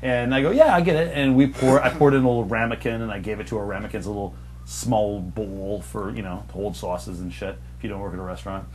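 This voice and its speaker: A young man, a server and podcast co-host, telling a profane story and acting out customers in sudden high, loud bursts. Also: fast, slight background noise. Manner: animated, profane, acts out customers in raised voices. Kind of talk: casual storytelling chat.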